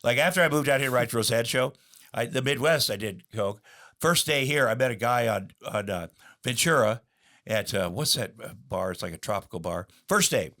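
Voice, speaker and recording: A man's voice: medium pitch, lively intonation, normal speed, sharp tone. A middle-aged man, a guest on an interview show, telling candid stories in a rambling way, with many fillers and restarts.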